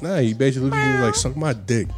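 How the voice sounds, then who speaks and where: A man co-hosting a podcast, firing off quick wisecracking comebacks. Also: mid-range voice, over loud music. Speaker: podcast co-host. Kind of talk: casual podcast banter.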